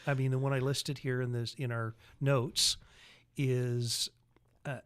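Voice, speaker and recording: Man, podcast co-host, matter-of-fact explainer, mid-pitched voice. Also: flat delivery, measured pace, clean tone. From Utah, United States. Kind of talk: casual political chat.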